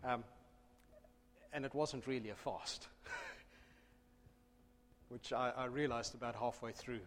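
A man preaching an emphatic, animated sermon in a church, with self-deprecating asides. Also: mid-range voice, takes it slowly, in a large hall, slight background noise. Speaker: pastor.

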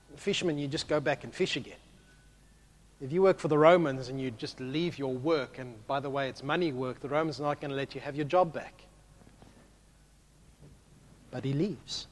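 A man preaching a sermon as a pastor, animated and swinging from hushed to loud. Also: mid-range voice.

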